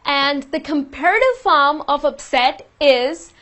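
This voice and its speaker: Female teacher, higher voice, patient and explanatory, lesson delivery. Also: animated, unhurried, a bit bright. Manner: patient, explains with example sentences. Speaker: English teacher.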